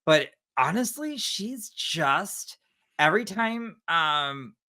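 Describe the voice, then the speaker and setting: A man's voice: fairly high pitch, sing-song, slow, bright, forceful tone. A man co-hosting a horror podcast, chatting casually and gushing with slangy asides. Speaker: podcast co-host. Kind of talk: casual chat.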